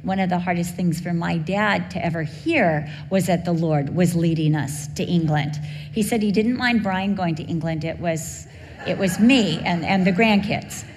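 A woman's voice: fairly low pitch, moderate pace, darkish tone. A middle-aged woman preacher telling a heartfelt personal story in a sermon. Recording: long hall reverb, faint background hum.

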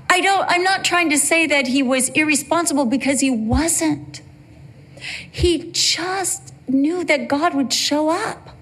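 A middle-aged woman preaches a sermon in a church, her voice sitting a little high. She talks in an easy, conversational way, telling stories from her life. When she quotes someone, she slips briefly into a playful voice for them. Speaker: pastor.

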